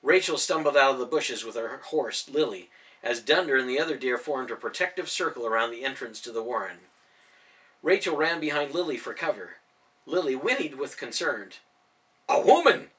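A man reads a children's novel aloud with a bright, forceful tone and lively, animated swings in pitch. His voice is a touch higher than most men's. He sits some distance from the mic. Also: normal speed. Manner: animated, expressive. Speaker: storyteller.

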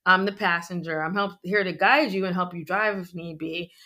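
A woman's voice: lowish voice, normal speed, pushed and bright. A middle-aged woman, a physician guest, talking in a chatty, joking, conversational way. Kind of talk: conversational interview.

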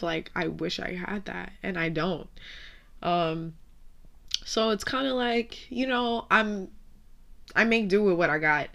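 A woman's voice: mid-range voice, gravelly, fairly bright tone. A young woman hosting a podcast, telling a painful personal story with candid swearing while fighting back tears. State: tearful. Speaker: podcast host.

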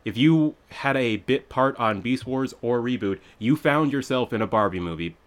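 A man's voice: medium pitch, animated, moderate pace. A man co-hosting a podcast, chatting casually and wryly as he picks apart a movie. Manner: wry, critical, rambling asides. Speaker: podcast co-host. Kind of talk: casual film review chat.

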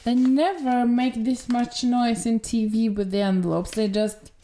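Woman co-hosting a podcast, slightly high, playful and hesitant. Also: steady tone, warm tone, a little hiss or hum. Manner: hesitant and playful, many pauses while reading results. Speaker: podcast co-host. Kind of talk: casual podcast chat.

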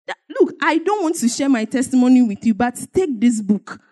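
A woman's voice: high voice, expressive, fairly quick, warm tone. A woman giving an emotional church testimony, telling her story emphatically with repetition and bursts of laughter.

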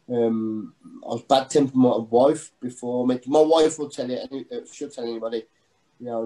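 A middle-aged man giving a personal testimony in a halting, earnest way, full of restarts. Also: mid-range voice, dark tone, poor audio. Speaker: guest sharing testimony.

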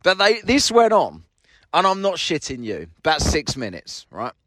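A man tells a story in a lively, swooping voice, mocking and full of swearing as he acts out both sides of a quarrel. He sits in his parked car, and the sound is close and dry. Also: a little high, moderate pace, dry recording. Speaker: podcast host. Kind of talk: casual storytelling monologue.

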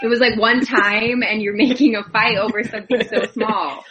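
A woman's voice: a little high, normal speed, highs cut off, crowd noise. A young woman chatting casually with her sisters, expressively quoting herself. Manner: expressive, quotes herself heatedly. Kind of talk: casual chat among sisters. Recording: audible background noise.

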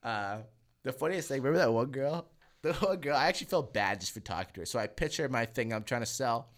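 Rambling young man with a lively voice. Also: mid-range voice, quick pace. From Selkirk, Manitoba, Canada. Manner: profane, rambling storyteller with many restarts. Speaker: podcast co-host. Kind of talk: casual chat.

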